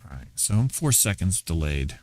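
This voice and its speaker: A man's voice: sits low, big pitch swings, moderate pace, darkish tone. A middle-aged man hosting a casual livestream, talking to himself offhandedly while he tweaks his audio settings. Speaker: livestream host.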